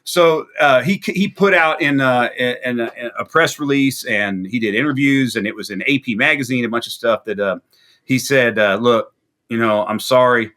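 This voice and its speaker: Guy rambling thru a crazy tour story in an interview, sharp bright voice. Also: medium pitch, normal speed. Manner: rambling anecdotal storyteller, animated quoting. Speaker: musician guest. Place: video interview.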